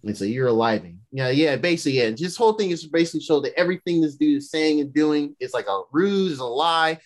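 A young man recaps a show in loose, rambling slang, laughing easily as he goes. His voice sits a bit high for a man and moves around a lot in pitch. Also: expressive, quick pace. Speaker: podcast host.

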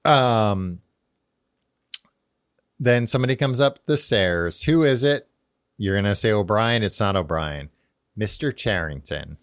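A man's voice: fairly low pitch, expressive, a little slow, pauses often, no room sound, clean studio sound. A man co-hosting a podcast, recapping a book in casual chat with lots of fillers, restarts and laughter. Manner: rambling, filler-heavy, laughs often. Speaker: podcast co-host.

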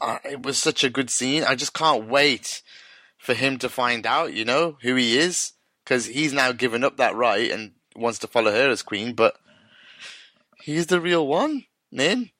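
A man's voice: mid-range voice, pushed and bright, dry recording. A man co-hosting a podcast, casually recapping a TV episode in a loose, sweary way with plenty of laughter. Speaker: podcast co-host.

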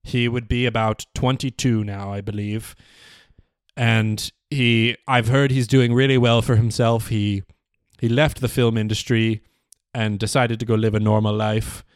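A man's voice: lowish voice, flat delivery, unhurried, smooth, no echo. A man hosting a solo comedy podcast, telling a story in a rambling, profane, mock-serious way on a close mic. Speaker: podcast host.

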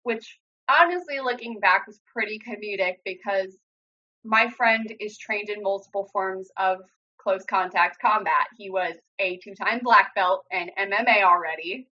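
A woman's voice: mid-range voice, measured pace, sharp tone. A young woman earnestly telling a personal story in a casual way, with many "like" fillers. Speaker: guest sharing her story. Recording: dull lo-fi audio.

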